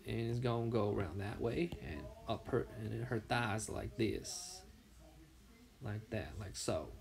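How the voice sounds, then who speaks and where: Soft-spoken man musing while drawing. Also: on the low side, expressive, measured pace, vocal fry. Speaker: artist. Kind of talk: drawing commentary.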